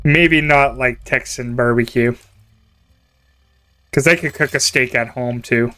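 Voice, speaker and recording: Smooth-voiced Canadian streamer, chatty. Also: male voice, medium pitch, a little slow, pushed and bright. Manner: chatty, rambling, laughs often. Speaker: game streamer. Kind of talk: casual chat while gaming.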